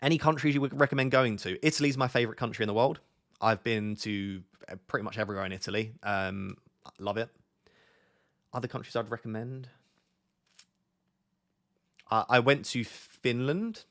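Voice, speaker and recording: A man's voice: medium pitch, normal speed, pauses often, a bit bright. A young British man hosting a casual live stream, chatting and reading out questions from his viewers. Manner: chatty, reads chat questions aloud. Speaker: streamer host.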